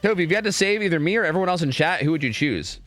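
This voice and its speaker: A man casting game scrims on a live stream in a casual, chatty way, often repeating words in quick bursts. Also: a little high, animated, a bit bright, no echo, soft background music.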